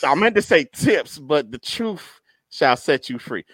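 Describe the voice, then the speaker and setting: A young man and podcast co-host telling an animated comedic story in casual chat, laughing often and constantly checking in with his listeners. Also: on the high side, unhurried, husky, dry recording. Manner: animated storytelling with constant laughs and "you know what I'm talking about".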